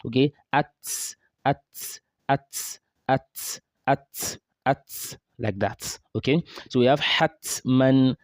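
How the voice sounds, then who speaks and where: A man from Nigeria, teaching recitation and drilling sounds slowly over and over. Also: medium pitch, no room sound, studio quality. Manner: slow drawn-out model syllables, repeated drills. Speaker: tajweed teacher. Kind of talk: recitation lesson.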